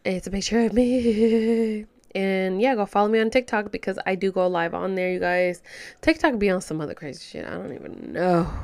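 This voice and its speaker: A young woman, ranting casually to her listeners, animated and slangy, sometimes dropping to a whisper. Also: mid-range voice. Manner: animated, swearing, code-switching slang, drops to whispers. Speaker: vlogger.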